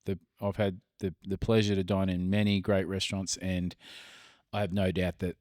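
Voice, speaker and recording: A middle-aged man with an Australian accent chats on a podcast and tells stories with plenty of swearing. His voice sits low, and the recording is close and dry with no room sound. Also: level tone, darkish tone, dry recording. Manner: storytelling, swears freely, drawn-out pauses. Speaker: podcast co-host. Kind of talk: casual chat.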